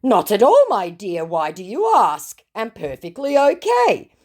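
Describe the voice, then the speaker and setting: A woman voicing a young male online scammer posing as a celebrity, speaking slowly in stilted, formal phrases. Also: medium pitch, wildly swooping pitch, darkish tone, voice pushed up.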